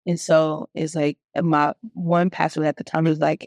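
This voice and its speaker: A middle-aged woman, a guest singer, talking candidly and telling her story with animated, emphatic bursts. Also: low-pitched, normal speed, no room sound. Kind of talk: candid conversation.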